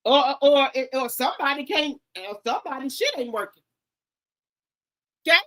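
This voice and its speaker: A woman's voice: sits high, normal speed, a bit bright. A woman in her fifties ranting to camera, rambling and hollering, tagging on "okay?" and "baby". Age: 50s.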